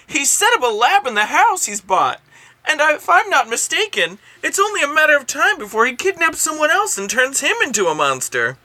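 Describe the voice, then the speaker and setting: Brash, gruff woman detective from a storybook read aloud, as a podcaster puts her on. She sounds pushy and coach-like, pitched a little higher, with a very bright, sharp edge and a lively, swooping delivery. The recording is dry and close. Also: brisk, no room sound, exaggerated voice. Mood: boastful.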